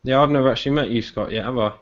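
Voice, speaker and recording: A man hosting a casual live-stream chat, chatty and often pausing on ums. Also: mid-range voice. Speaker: podcast host. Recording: dull lo-fi stream audio.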